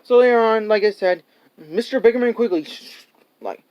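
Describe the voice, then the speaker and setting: Male reviewer, high smooth voice, loose rambling recap, acts out scenes. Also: moderate pace, highs cut off. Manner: rambling, full of "like" and restarts; laughs often and acts out scenes. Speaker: movie reviewer. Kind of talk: casual spoken movie review.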